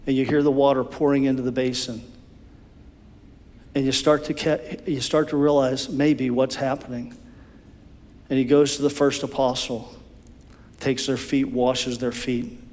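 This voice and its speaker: A man preaching a sermon as a pastor, telling the story vividly and often repeating himself. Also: mid-range voice. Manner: animated storytelling, repeats words. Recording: long hall reverb.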